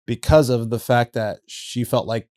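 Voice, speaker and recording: A man hosting a podcast, telling a story animatedly, acting out quotes with big jumps in pitch and laughing through it. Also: steady tone, unhurried, darkish tone, clean tone, no room sound, studio quality. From Southern California. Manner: laughs through his stories, says "bro". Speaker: podcast host. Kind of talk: casual storytelling.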